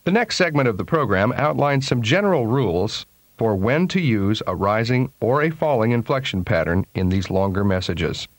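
Measured man reading lesson narration. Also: mid-range voice, lively intonation, dry recording. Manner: measured, deliberate, clearly articulated. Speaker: pronunciation instructor. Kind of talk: scripted instructional narration. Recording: dry studio voice-over.

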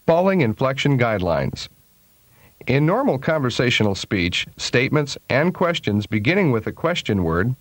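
A man reading scripted pronunciation-lesson narration in a measured, clearly articulated way. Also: medium pitch, sing-song, no room sound. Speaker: pronunciation instructor. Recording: dry studio voice-over.

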